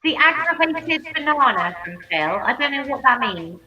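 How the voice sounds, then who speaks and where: A woman hosting a casual livestream over a video call, excitable, reading chat aloud and laughing often. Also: sits high, normal speed, muffled recording, crowd noise. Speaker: livestream host. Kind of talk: casual live-stream chat.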